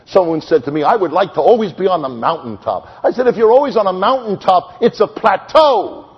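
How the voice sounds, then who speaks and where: A man preaching an evangelistic sermon, telling stories with sudden swings from loud high exclamations to hushed slow tones. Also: expressive, breathy edge. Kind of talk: sermon with storytelling. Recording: long hall reverb, dull lo-fi sound.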